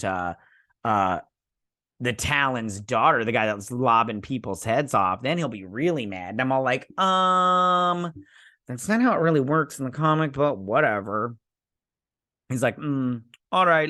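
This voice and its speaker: A man's voice: medium pitch, a bit bright, dry recording. Rambling sarcastic man, dry sound. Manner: rambling, sarcastic, many fillers and restarts. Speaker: show reviewer host. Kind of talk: casual episode recap and review.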